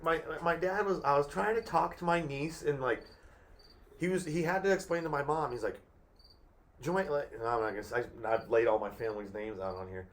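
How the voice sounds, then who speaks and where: A man co-hosting a casual podcast rambles through a family story in a fairly high, brisk voice. He swears a lot and acts out what family members said, keeping the chat loose and profane.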